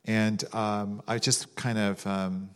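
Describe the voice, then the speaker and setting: Low-voiced man preaching conversationally. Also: flat delivery, slow pace, smooth. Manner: conversational, rambling, acts out mock voices with laughter. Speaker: pastor. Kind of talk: sermon with prayer.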